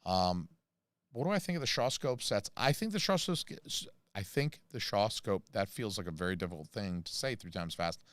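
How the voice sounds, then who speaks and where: An American man chatting on a casual livestream, his voice a little low and smooth. He rambles and jokes with plenty of fillers, and the sound is dry and close. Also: expressive, normal speed, no echo. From United States. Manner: rambling, jokey, many fillers and asides. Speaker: channel host reading live chat.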